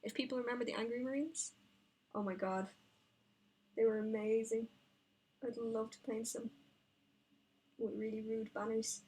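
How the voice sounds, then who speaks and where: A woman who paints miniatures and streams it, chatting casually and excitably, rambling and talking to herself as she works at her painting desk. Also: on the high side, moderate pace, pauses often, slightly rough. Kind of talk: casual live-stream chat while painting.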